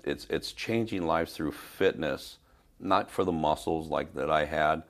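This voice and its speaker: An older man from Spain, a fitness trainer telling stories in an interview, with halting restarts and repeated words. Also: extremely low pitch, fairly bright tone. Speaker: fitness trainer, podcast guest. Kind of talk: storytelling in an interview.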